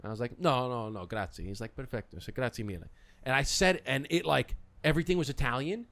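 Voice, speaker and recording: Talking fast in a creaky, mid-range voice, a middle-aged man hosts his podcast. His casual chat is full of lively stories in which he voices what everyone said.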